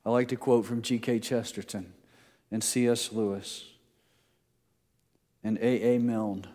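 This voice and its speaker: A man's voice: fairly low pitch, steady tone, unhurried, mellow. A middle-aged male pastor preaching a sermon in a conversational way, reading scripture aloud with emphasis. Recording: long reverb of a large hall.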